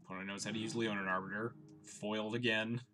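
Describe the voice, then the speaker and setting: A young man commentating his own card game on a live stream, chatty and wry, thinking out loud. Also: fairly low pitch, fairly even intonation, quick pace, faint music behind.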